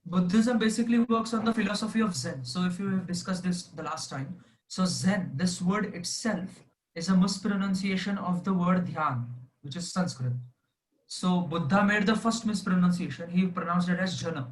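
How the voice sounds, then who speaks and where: High-voiced man explaining with fillers. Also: moderate pace, slight background noise, rough recording. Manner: explanatory, agreeable, hesitant fillers. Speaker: discussion participant. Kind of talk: casual group discussion.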